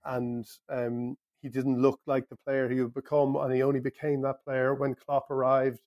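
A man's voice: medium pitch, monotone, normal speed, dry recording, lo-fi sound. A man on a football podcast, talking in a thoughtful, analytical way. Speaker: podcast pundit. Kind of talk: casual football discussion.

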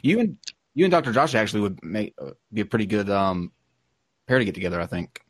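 A man's voice: lowish voice, animated, fast talker, breathy edge, dry recording. A man in a casual podcast discussion, talking hesitantly with stammers and fillers. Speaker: podcast co-host.

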